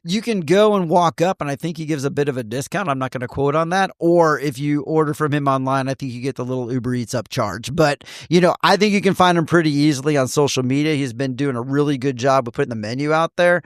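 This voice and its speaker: A man's voice: a little high, fast talker, hardly any pauses, no room sound, studio quality. A middle-aged man from Texas with a Texan accent, chatting enthusiastically as a guest about local spots. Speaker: guest, local TV news host. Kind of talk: casual chat.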